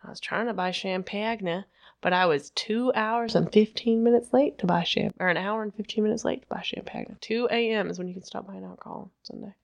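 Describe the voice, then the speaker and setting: A woman's voice: mid-range voice, a little fast, gravelly. A woman co-hosting a podcast in casual chat, telling rambling, profane stories. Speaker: podcast co-host.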